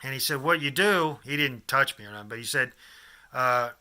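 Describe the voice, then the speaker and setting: Midwest man, fifties, piercingly bright, average pitch, meandering anecdote with constant restarts. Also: a little fast, smooth. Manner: digressive, many restarts and asides. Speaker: vlogger. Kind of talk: rambling personal storytelling.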